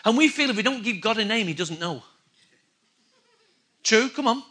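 High, bright-voiced male preacher. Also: a little fast, husky. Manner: animated preaching, repeats key phrases, asks the congregation questions. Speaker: pastor. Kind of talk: sermon.

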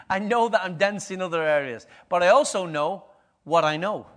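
High-voiced pastor preaching. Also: male voice, moderate pace, fairly bright tone. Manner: conversational preaching, asks the congregation questions. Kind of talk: sermon.

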